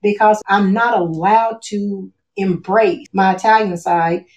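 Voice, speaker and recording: A woman's voice: medium pitch, fairly even intonation, slow pace. Woman chatting as a guest at home, lots of you know and like, roomy echo. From United States. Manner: reflective, many fillers like "you know" and "like". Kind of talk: casual conversation. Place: at home with a cat.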